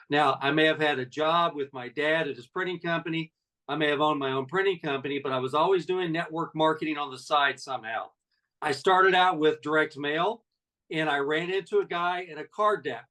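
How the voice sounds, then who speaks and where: A man's voice: on the high side, sharp tone, recorded from a distance, low-quality recording. A man in his sixties, a network marketing leader, giving a folksy, conversational motivational talk full of personal stories.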